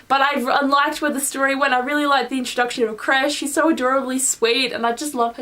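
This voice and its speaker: A woman's voice: sits high, level tone, quick pace, few pauses, pushed and bright, far from the mic. A young woman vlogging her monthly reading wrap-up in a rambling, gushing way, full of "like". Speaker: book vlogger. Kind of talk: casual monthly book wrap-up.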